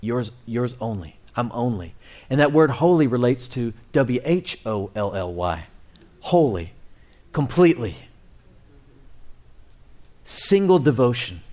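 A middle-aged man preaching a sermon, swinging between loud, excited appeals and quiet, near-whispered asides. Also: medium pitch, slow pace, long pauses. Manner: animated preaching, rising and dropping to near whispers. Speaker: pastor.

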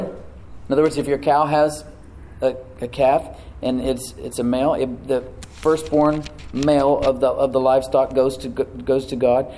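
Male pastor, middle-aged, mellow tone, emphatic sermon delivery with call-and-response. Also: mid-range voice, normal speed, slight background noise, poor audio. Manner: dramatic shifts between loud emphasis and hushed asides.

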